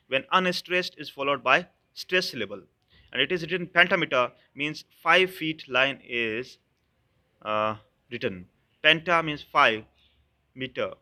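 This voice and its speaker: A man with an Indian English accent, a professor giving a recorded literature lecture, explaining slowly and repeating each term. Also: on the high side, sharp tone. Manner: addresses students as "dears".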